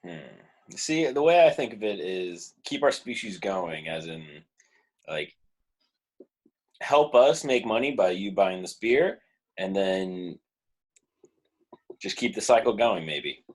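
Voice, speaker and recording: A man's voice: sits low, expressive, slow pace, long pauses. A young man co-hosting a beer review podcast, laid-back in casual chat and laughing often. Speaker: podcast co-host reviewing beers.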